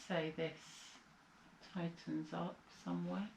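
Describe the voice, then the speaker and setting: A woman's voice: lowish voice, expressive, takes it slowly, fairly bright tone, echoey room, dull audio. A woman from the UK chatting casually through a haul vlog, sounding tired and rambling, with a slight cold coming on. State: slight cold, sucking a lozenge. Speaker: vlogger. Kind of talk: casual chat.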